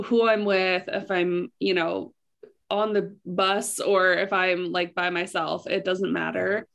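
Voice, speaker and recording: A woman's voice: medium pitch, fairly even intonation, measured pace. A young adult woman co-hosting a podcast, chatting candidly with lots of "like" fillers. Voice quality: gravelly vocal fry. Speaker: podcast co-host. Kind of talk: casual chat.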